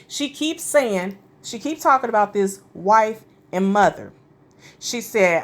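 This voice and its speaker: A woman's voice: a little high, very animated, a little slow. A woman hosting a commentary video, sassy and slangy, addressing her viewers as "y'all.". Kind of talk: casual reaction commentary.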